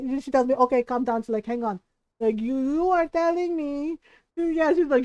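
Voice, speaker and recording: A woman streamer recounts a childhood story in relaxed, chatty fashion, sprinkling her lines with "right?" and bursts of laughter. Her voice sits high and bright-toned, and the sound is close and dry with no room around it. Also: no room sound, low-quality recording. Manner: animated, frequent "right?" and laughter. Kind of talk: casual storytelling while gaming.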